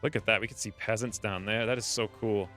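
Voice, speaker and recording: A man's voice: lowish voice, steady tone, fast talker, sharp tone, soft background music. A man casually commenting on his own strategy game playthrough, chatty and musing aloud. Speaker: gaming video creator. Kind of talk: let's play commentary.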